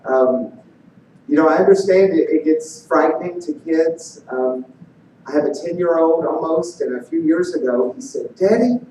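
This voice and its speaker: A man in his thirties, a visiting evangelist, who speaks to a church congregation and then sings in worship, getting loud and animated when excited. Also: fairly high pitch, normal speed, a little hiss or hum. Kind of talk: church sermon and worship singing. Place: large church sanctuary. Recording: echoey hall picked up from far off.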